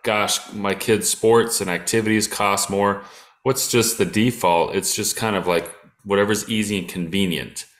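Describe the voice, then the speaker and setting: Man, podcast co-host, low voice, conversational, chimes in agreeably. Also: fairly even intonation, normal speed. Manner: conversational, lists examples, agreeable interjections. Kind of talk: casual chat.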